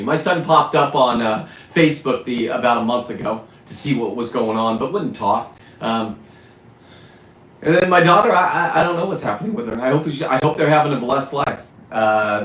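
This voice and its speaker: A man's voice: mid-range voice, a bit bright, echoey room, rough recording. A middle-aged man hosting a live stream, ranting in a blunt, profane, rambling way. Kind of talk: casual live-stream rant.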